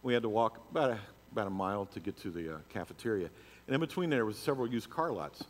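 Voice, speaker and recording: A man's voice: on the low side, lively intonation, fast talker, long reverb tail. A middle-aged man preaching a sermon, moving from personal storytelling into emphatic declarations. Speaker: pastor. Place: church sanctuary.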